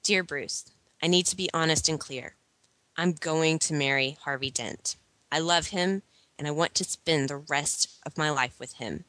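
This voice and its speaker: A woman's voice: sits low, measured pace, fairly bright tone, dry recording, poor audio. A woman reading the part of a young woman writing a sincere farewell letter, in a plain, unrehearsed way. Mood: sincere regret.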